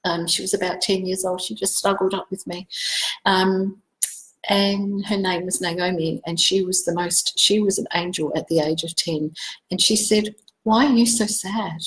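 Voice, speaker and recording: A woman's voice: on the low side, level tone, moderate pace, a bit bright, roomy sound, rough recording. A middle-aged Australian woman, a psychic medium, telling a personal story in an emotional, rambling way full of fillers and digressions. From South Australia.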